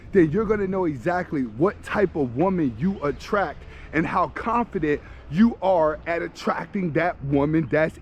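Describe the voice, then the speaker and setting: Blunt, high-voiced young man lecturing. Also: slight background noise. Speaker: dating advice vlogger. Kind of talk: direct advice monologue. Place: outdoors, walking dogs near a street.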